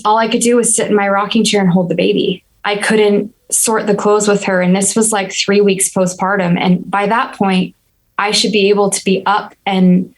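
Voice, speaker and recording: A woman's voice: mid-range voice, low-quality recording. A woman in her thirties, a podcast guest, telling a personal story in an earnest, reflective way. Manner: earnest, reflective, steady and even-toned.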